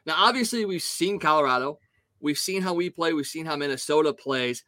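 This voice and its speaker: A man co-hosting a sports podcast, giving animated, opinionated hockey analysis in casual talk. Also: a little high, brisk, no echo. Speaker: podcast co-host.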